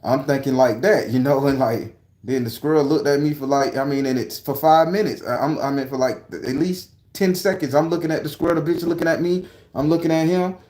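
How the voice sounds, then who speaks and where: A man vlogging outdoors in a park, telling an excitable, profane, rambling story full of restarts. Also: on the high side, a little fast, reverberant. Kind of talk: animated personal storytelling.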